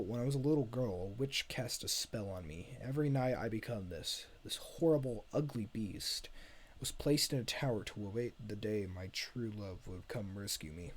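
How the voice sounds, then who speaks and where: A man's voice: fairly low pitch, slight background noise, close to an everyday voice. A man reading a script aloud and voicing a young cursed princess in a raised, earnest voice. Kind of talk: amateur script read-aloud.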